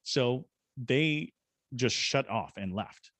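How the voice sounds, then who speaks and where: A middle-aged paranormal investigator and ghost tour guide from Georgia in the United States shares a story in a podcast interview, acting out the people in it. His medium-pitched voice is expressive, slow, and a bit bright, with no room sound.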